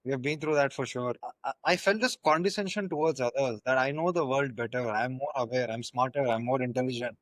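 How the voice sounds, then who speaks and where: A man's voice: medium pitch, brisk, hardly any pauses, dry recording. A man hosting a podcast and reflecting in conversation, thoughtful and philosophical, sometimes searching for words. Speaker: podcast host.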